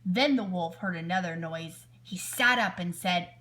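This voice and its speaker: A woman teacher reading a picture book aloud to children, expressive and asking her listeners questions. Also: lowish voice, unhurried.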